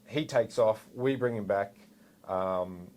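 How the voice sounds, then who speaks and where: A man's voice: on the low side, slow pace, rough recording. An Australian man, a former police officer, telling a story in casual chat and acting out what people said. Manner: animated, acts out quotes.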